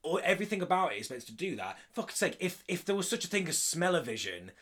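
A man co-hosting a casual film-review podcast, talking in an animated, enthusiastic way and swearing freely. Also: high-pitched, quick pace. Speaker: podcast co-host.

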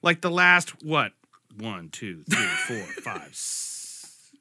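A man's voice: medium pitch, slow pace, no room sound, clean studio sound. A man in his forties co-hosting a podcast, telling long, rambling stories with lots of enthusiasm in casual chat. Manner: animated, rambling storyteller. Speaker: podcast co-host.

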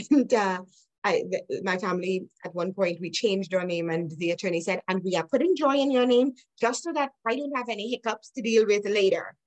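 A woman's voice: mid-range voice, fairly quick, poor audio. Earnest woman telling her story. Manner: earnest, reflective, laughs now and then. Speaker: guest. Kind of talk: personal storytelling in an interview.

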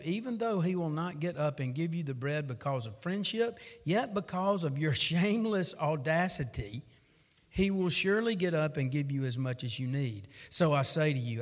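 A man's voice: a little high, long reverb tail. A middle-aged man, preaching a sermon in a folksy, storytelling way that rises to fervent.

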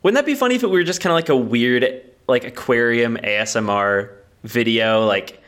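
Casting: male podcast co-host, bright tone, goofy and quick, laughs a lot. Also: mid-range voice, lively intonation, smooth. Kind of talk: casual comedic podcast chat.

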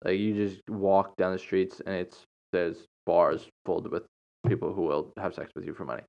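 A man's voice: deep voice, level tone, moderate pace, creaky, a little mellow. A man hosting a podcast, telling a story in a casual, rambling way, full of fillers, restarts and chuckles. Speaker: podcast host. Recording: dull lo-fi recording.

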